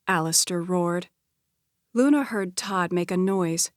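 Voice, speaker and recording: A woman narrating a romance audiobook in a steady, scripted storytelling voice. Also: on the low side, slow, no room sound, clean studio sound.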